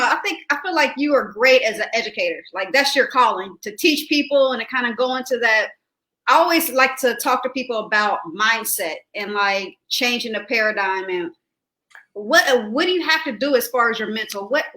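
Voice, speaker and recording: A woman's voice: fairly high pitch, pushed and bright, echoey room, low-quality recording. A woman hosting an interview, asking long, chatty questions full of fillers. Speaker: host, realtor. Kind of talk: casual interview.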